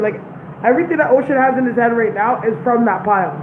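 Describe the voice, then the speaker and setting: A woman's voice: a little high, fast talker, slight background noise. A young woman and parent chatting casually in a home vlog, loose and profane, with lots of "like". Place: home kitchen. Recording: tinny phone-like sound in an echoey room.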